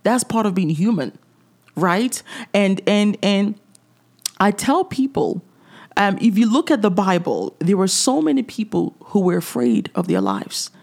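A woman's voice: medium pitch, sing-song, measured pace, creaky, darkish tone. A middle-aged woman hosting a faith-based podcast, talking in a direct, preachy way with chuckling asides. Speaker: podcast host.

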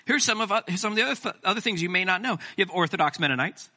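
A middle-aged man preaching a sermon as pastor, animated and joking with the congregation. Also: high-pitched, very fast.

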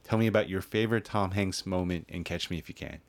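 Man, podcast co-host, casual chat, low voice, leads with questions. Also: fast talker. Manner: leads the talk, asks questions, teasing.

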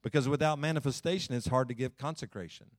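A male pastor giving a lively sermon, talking straight to the congregation, with jokes and sudden loud, fiery stretches. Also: mid-range voice, quick pace, no echo, clean studio sound. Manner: folksy, talks to the congregation directly.

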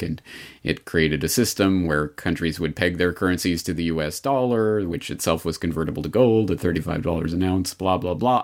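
A man hosting a show, talking through history in an unscripted, discursive way, wry and stressing key words. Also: deep voice. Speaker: podcast host.

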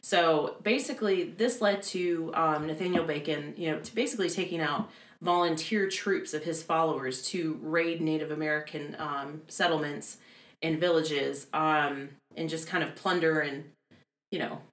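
Low-voiced sarcastic woman telling history. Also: normal speed. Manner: chatty, sarcastic asides, laughs often. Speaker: podcast co-host telling history. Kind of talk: casual chat. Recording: echoey room.

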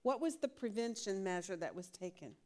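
A woman's voice: medium pitch, animated, a little fast, dark tone. A woman teaching a Bible study class, asking questions and laughing often.

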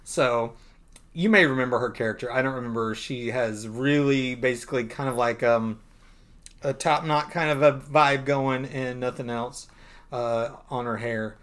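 Man, podcast co-host, easygoing chatty recap with laughs, mid-pitched voice. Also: normal speed, fairly bright tone. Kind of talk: casual comic book discussion.

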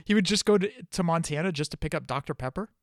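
Podcast host: fairly high man's voice, chatty, laughs a lot, dry close sound. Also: fast, no room sound. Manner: chatty, laughs often, asks questions. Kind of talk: casual chat.

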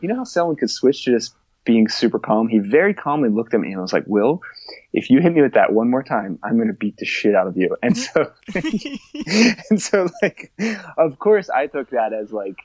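A man's voice: medium pitch, no echo, highs cut off. A young adult man, a podcast guest, telling a rambling, profane story full of fillers and laughter. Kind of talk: casual storytelling.

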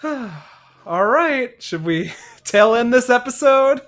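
A man co-hosting a podcast in loose, joking chat. His pitch rises and falls a great deal, and he laughs often between lines. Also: animated, takes it slowly, a bit bright. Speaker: podcast co-host. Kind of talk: casual chat.

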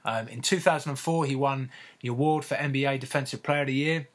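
A man telling a story in casual podcast chat, laughing often and filling pauses with ums and uhs. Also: medium pitch, fairly even intonation.

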